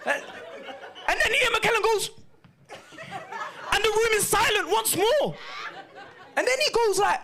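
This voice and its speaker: A man performing a lively stand-up set, telling stories with shouted impressions. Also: very high-pitched, unhurried, gravelly, long pauses. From Jamaican heritage, East London. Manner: animated storytelling with bursts of shouted impressions. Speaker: stand-up comedian. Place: comedy club stage. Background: audience laughter.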